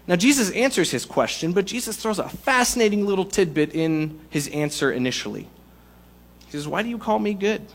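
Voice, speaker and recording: A male pastor giving a sermon in a casual, joking way, using everyday analogies. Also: fairly high pitch. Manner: conversational, jokey preaching with analogies.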